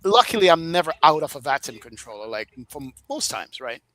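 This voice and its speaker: A man with a Jamaican accent, a flight sim streamer telling stories in casual podcast chat, animated and laughing often. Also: a little high, brisk, rough recording.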